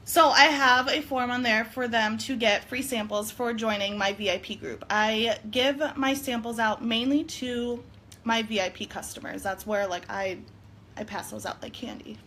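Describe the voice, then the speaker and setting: A woman's voice: fairly high pitch, normal speed, sharp tone, slight background noise. A woman chatting casually on a live stream about sales tips, giggly and peppered with "like". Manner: chatty, giggly, says "like" a lot. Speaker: direct sales consultant.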